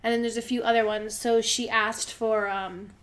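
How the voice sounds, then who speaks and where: A woman's voice: on the high side, level tone, moderate pace, a bit bright. A young woman co-hosting a casual podcast, telling rambling funny stories full of "like" fillers. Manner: chatty storyteller, lots of "like" fillers. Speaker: podcast co-host. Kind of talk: casual chat.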